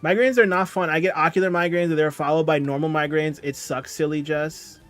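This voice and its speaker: A man's voice: a little high, fairly even intonation, fairly quick, fairly bright tone. A tired young man chatting casually on a livestream, reading chat and rambling along. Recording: music playing faintly behind. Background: faint background music.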